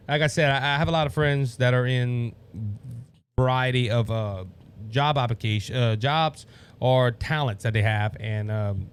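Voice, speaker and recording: A man's voice: medium pitch, unhurried, smooth. A man from Louisiana with a Cajun accent hosting a casual political talk show, rambling and restarting his sentences as he talks. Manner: rambling, stumbles over words and restarts, laughs at himself. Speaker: podcast host.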